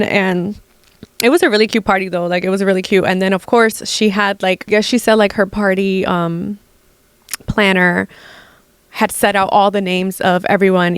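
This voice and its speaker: A young adult woman hosting a casual gossip podcast, animated and exasperated, full of "like" and swearing. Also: mid-range voice, clear, resonant tone, no echo. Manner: animated, heavy use of "like", profane, exasperated. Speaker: podcast host.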